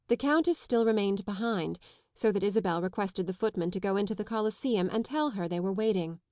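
A woman reads a classic novel aloud for an audiobook. Her reading is steady and clear, in a mid-range voice. The sound is dry and close, with no room around it. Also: medium pitch, brisk, dry recording. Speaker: audiobook reader. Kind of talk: scripted literary narration.

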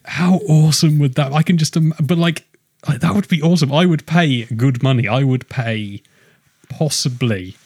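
A man co-hosting a casual podcast, joking around and getting animated when excited. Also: normal speed, husky, no echo, clean studio sound. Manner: jokey, animated, rising pitch when excited. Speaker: podcast host.

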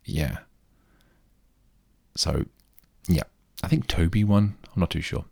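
A man tells casual, rambling stories to his listeners, often mocking himself. His voice sits very low, with a gravelly fry and a husky grain. It is recorded dry and close. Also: slow, no echo. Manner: rambling, self-deprecating, animated. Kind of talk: casual storytelling monologue.

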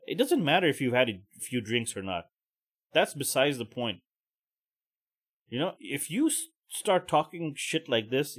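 A man hosting a podcast, giving profane, heated, mocking commentary. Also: mid-range voice. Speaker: podcast host. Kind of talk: ranting commentary.

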